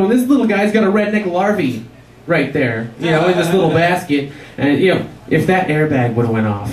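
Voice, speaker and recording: A man doing a stand-up set at an open mic, ranting and swearing and laughing at his own jokes. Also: on the high side. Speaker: stand-up comedian. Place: bar or club open mic night. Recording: echoey room recorded from far off.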